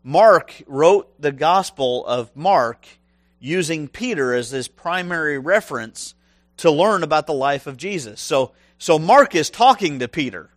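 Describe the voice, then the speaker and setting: A man preaching a sermon, animated and humorous, acting out voices from the stories he tells. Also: on the high side, measured pace, no room sound, studio quality. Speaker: pastor.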